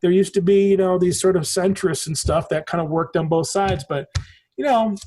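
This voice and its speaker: A husky man in his forties from the United States talks as a podcast guest, his voice sitting high for a man. He tells stories in a loose, rambling way, leaning hard on his points and swearing casually. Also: normal speed, a little mellow. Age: 40s. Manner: rambling, emphatic storytelling with frequent swearing. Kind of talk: casual conversation.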